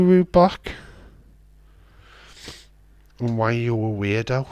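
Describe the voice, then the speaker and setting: A man with a fairly low voice, recorded dry, hosts a live watch-along stream. He comments casually and reads the chat aloud, bantering and teasing with viewers and restarting himself often.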